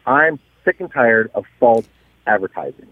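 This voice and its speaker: A man's voice: mid-range voice, normal speed, dry recording. A man, a guest business owner, telling stories in a casual radio interview over the phone, restarting sentences often. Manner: animated storyteller, many restarts. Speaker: guest, dyno shop owner. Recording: tinny phone line, husky.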